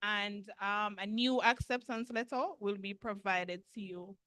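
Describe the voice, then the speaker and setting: A woman representing a university, answering callers' questions in a steady, informative way with frequent pauses. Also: mid-range voice.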